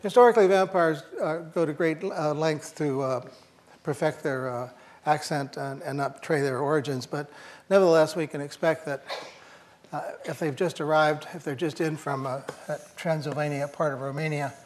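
A man's voice: on the high side, normal speed, a little hiss or hum. An older man giving a university lecture, thinking aloud with fillers and restarts and slipping in dry jokes.

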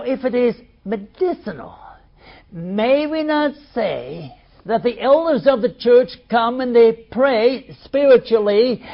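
A man preaching a sermon, swinging between loud emphasis and quiet asides. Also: very high-pitched, vocal fry, muffled recording.

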